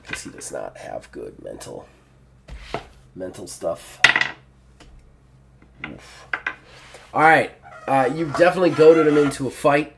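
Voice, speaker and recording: A man running a tabletop game, narrating in a casual, rambling way. He fills pauses with ums and uhs as he works out the scene. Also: medium pitch, wildly swooping pitch, gravelly, noisy background. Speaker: game master.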